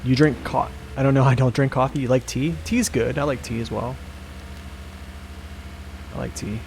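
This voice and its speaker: A man's voice: mid-range voice, steady tone, moderate pace, creaky, darkish tone, slight background noise. A young American man chatting casually with his live chat as a streamer, rambling and answering questions. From United States.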